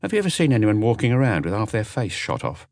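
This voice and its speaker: A man's voice: on the low side, very animated, fast, a little mellow, no echo, clean studio sound, pitched above the performer's own voice. A man voicing a blunt, unflinching older woman. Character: flat-voiced older woman, ex-convict cleaner.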